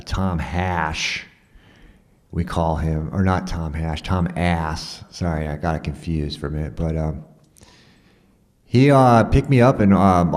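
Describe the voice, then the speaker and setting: A man with a very low, deep voice recounting a personal story. He rambles in a profane, conversational way, full of fillers and restarts. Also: a little mellow.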